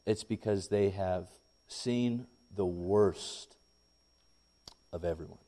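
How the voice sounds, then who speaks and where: Male pastor, young adult, sermon, lively storytelling, voice climbing when worked up. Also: low voice, slow pace. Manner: animated storytelling, rising when excited.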